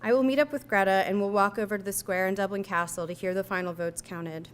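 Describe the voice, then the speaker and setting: A young woman reading her own personal essay aloud, telling it in a measured, reflective way. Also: medium pitch, fairly even intonation, a little hiss or hum. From United States.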